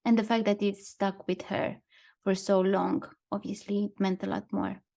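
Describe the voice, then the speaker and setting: Woman co-hosting a chill podcast, thoughtful, reads bits from her notes, middle pitch. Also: level tone, normal speed, gravelly, mellow. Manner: thoughtful, reads out quotes and card lines. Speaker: podcast co-host. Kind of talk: casual podcast chat, partly read from notes.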